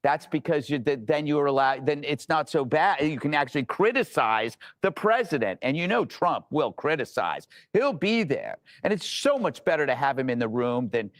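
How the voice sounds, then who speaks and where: A man delivering wry, joking political commentary in a quick patter. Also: a little high, expressive, dry recording. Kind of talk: opinion commentary.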